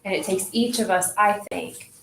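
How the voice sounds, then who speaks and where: Woman facilitator, mid-pitched voice, reflective casual talk, echoey room. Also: moderate pace, creaky. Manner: relaxed, reflective, says "like" a lot. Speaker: group facilitator. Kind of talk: casual wellness group talk. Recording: echoey room, faint noise.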